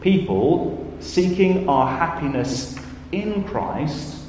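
A man's voice: a little high, big pitch swings, extremely slow, a little mellow, a little hiss or hum. A man preaching a sermon in a church, emphatic, with rhetorical questions and repeated phrases. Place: church or large hall. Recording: echoey hall from far off, faint ambience.

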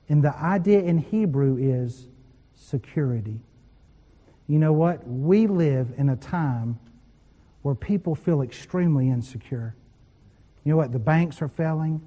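A man's voice: on the high side, mellow, in a large hall, lo-fi sound. A man preaching a sermon, telling personal stories with quoted voices and laughing at times. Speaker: pastor.

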